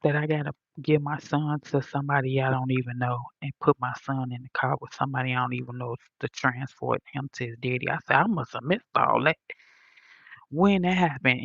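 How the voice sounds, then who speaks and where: A woman's voice: rumbling low, fairly quick, gravelly, husky, no echo, highs cut off. A woman telling her own story in a casual vlog, blunt and profane, acting out what others said. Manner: animated, profane, blunt retelling with quoted voices.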